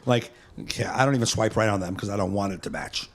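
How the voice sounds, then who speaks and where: A man hosting a comedy podcast, telling stories in a lively way, swearing freely and acting out the people in them. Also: fairly low pitch, quick pace. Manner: animated storytelling, swears freely, acts out voices. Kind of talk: casual podcast chat.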